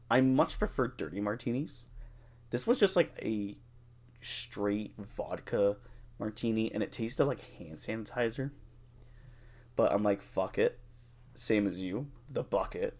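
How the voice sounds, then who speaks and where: A young adult man co-hosting a podcast, telling a drinking story in a casual, animated way, swearing freely and acting out what people said. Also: on the low side, unhurried, long pauses. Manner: animated, profane, acts out quotes. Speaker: podcast co-host.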